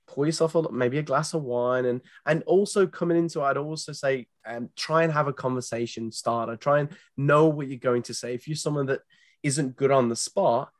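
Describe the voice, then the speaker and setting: A man with a British accent, a guest on a podcast interview, giving earnest, animated dating advice with frequent restarts. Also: medium pitch, moderate pace, no echo, clean studio sound. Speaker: guest, dating company founder.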